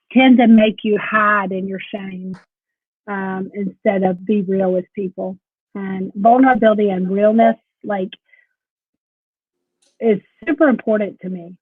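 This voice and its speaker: A woman's voice: mid-range voice, slightly rough, dry recording. A woman co-hosting a live chat, encouraging, with lots of agreeing and filler words. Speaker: co-host. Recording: dry tinny phone-like sound.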